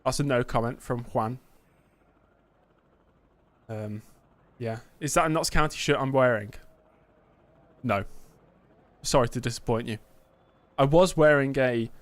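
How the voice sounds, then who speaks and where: Joking man streaming a racing game. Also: medium pitch. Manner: joking, banter with chat, addresses viewers as mate. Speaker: sim-racing livestreamer. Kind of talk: casual livestream chat, mock press conference. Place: indoor streaming setup with green screen.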